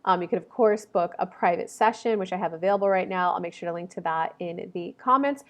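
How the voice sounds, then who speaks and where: A woman's voice: fairly low pitch, fast. A woman in her thirties giving a casual zodiac reading to camera, chatty and rambling, with many fillers and self-corrections. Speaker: astrology reader.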